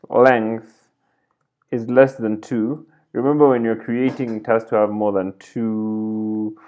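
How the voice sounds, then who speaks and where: A man's voice: medium pitch, dull audio. A man teaching a coding tutorial over a screen recording, thinking aloud as he types and correcting himself along the way. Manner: thinks aloud while typing, self-correcting. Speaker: programming tutor.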